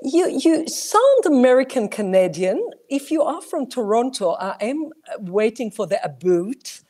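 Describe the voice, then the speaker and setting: A woman with a mixed South African accent, a guest talking on a video call, expressive and searching for words. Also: a little high, measured pace. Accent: South African mixed with other languages. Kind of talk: casual interview over video call.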